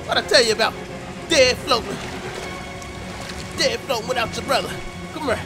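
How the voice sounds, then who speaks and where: A man doing loud high-pitched joking game commentary over game music. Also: normal speed, pauses often. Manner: loud, joking, profane trash talk at the screen. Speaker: gaming YouTuber. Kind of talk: let's play commentary. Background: game music and rain sounds.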